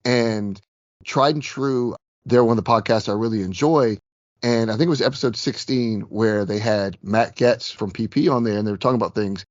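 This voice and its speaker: A chatty man co-hosting a gaming podcast, with a low voice gone a little hoarse. He rambles good-naturedly and pokes fun at himself. The sound is dull and dry, like a home setup. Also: normal speed, dry recording. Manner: chatty, self-deprecating, rambling. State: slightly hoarse from illness. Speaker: podcast co-host. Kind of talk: casual chat about tabletop gaming.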